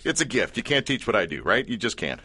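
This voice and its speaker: A man's voice: lowish voice, sing-song, quick pace, bright, forceful tone, breathy edge, no echo. A man hosting a comedic radio show, playful and joking with his co-host.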